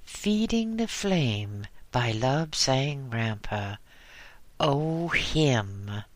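A man voicing a blustering truck driver who mocks and shouts in exasperation, pitching his voice up. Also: animated, slow pace, no echo. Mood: exasperated. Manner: loud, exasperated, fumbling for words.

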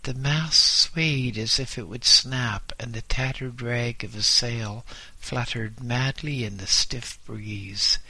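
A man narrates a first-person story with slow, grave drama. His voice has a bright, tense edge. The sound is dry and close, with no room around it. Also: mid-range voice, no room sound. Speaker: audiobook narrator.

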